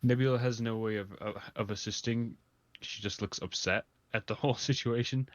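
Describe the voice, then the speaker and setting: A man's voice: medium pitch, fairly even intonation, normal speed, dry recording. A man playing in a tabletop game, describing his character in a hesitant, stumbling way. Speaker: player. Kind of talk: casual tabletop game chat. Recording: dry, dull lo-fi mic.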